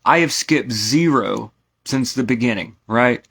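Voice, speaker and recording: A man's voice: mid-range voice, a little slow, vocal fry, fairly bright tone, breathy edge. An American man teaching esoteric lore in a casual spoken lecture, rambling with many asides and asking "right?" to his listeners.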